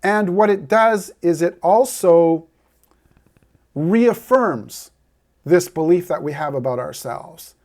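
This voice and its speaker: A man's voice: high voice, lively intonation, takes it slowly. A man speaking straight to the viewer as a heartbreak coach, earnest and persuasive, giving a motivational talk. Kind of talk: direct-to-camera motivational talk.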